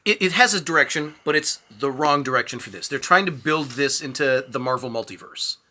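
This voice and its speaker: A man's voice: medium pitch, a little fast, pushed and bright. A man co-hosting a casual movie review chat, blunt and swearing, telling stories. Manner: swears freely, tells anecdotes, blunt opinions. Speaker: co-host of a movie review show.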